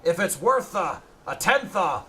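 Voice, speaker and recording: A man's voice: high-pitched, very animated, unhurried, sharp tone, slight background noise, exaggerated voice. A man voicing a boastful, greedy male pirate leader in a hammy put-on Irish accent, drawing out his H sounds. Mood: swaggering. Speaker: streamer reading in-game notes aloud.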